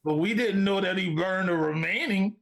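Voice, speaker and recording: Male podcast co-host, relaxed and joking, voice slightly high. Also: normal speed, a crowd in the background, rough recording. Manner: relaxed, joking asides, laughs. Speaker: movie review co-host. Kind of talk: casual movie review chat.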